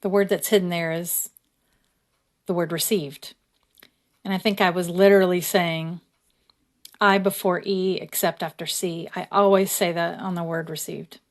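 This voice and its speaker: Chatty woman narrating a craft video. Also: fairly low pitch. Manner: relaxed, chatty, reads verses aloud slowly. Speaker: creator. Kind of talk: casual craft tutorial narration.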